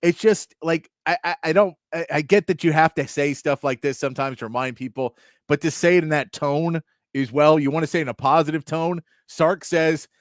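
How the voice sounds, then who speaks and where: A man's voice: a little high, a little fast, no echo, clean studio sound. A man hosting a sports talk show, chatting casually and acting out quotes in mock voices.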